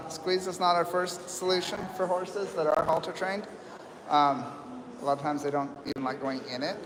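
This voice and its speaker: A man hosting a live stream at a horse rescue, talking calmly and rambling with many fillers, recorded outdoors among people. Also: fairly high pitch, long reverb tail, background noise. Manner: calm, rambling, soft-spoken with fillers. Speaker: livestream host at horse rescue. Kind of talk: live commentary.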